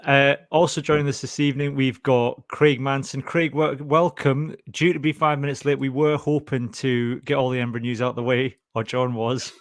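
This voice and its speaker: A man's voice: medium pitch, little pitch movement, moderate pace, hardly any pauses, no room sound, clean studio sound. A Scottish man hosting a podcast in casual, jokey chat, rambling with restarts. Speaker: podcast host.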